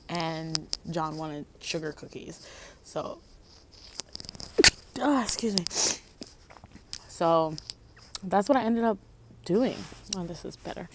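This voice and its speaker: A woman vlogging outside at night on a phone, rambling casually and loosely, laughing and losing her train of thought, a little high. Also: background noise. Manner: rambling, laughing, self-interrupting. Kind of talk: casual chat. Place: outdoors at night.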